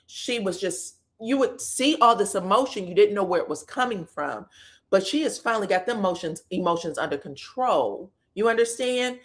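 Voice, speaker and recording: A woman's voice: mid-range voice, normal speed. A woman recapping reality TV drama in a casual, profane, chatty way. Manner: animated, profane, acts out quotes. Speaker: reality TV commentator.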